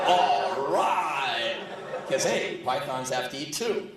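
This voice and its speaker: A man's voice: mid-range voice, expressive, takes it slowly, crowd noise. Sardonic, profane male storyteller on stage. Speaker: spoken word performer. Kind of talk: live spoken word storytelling. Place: large live venue. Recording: echoey live hall, distant, audience laughing.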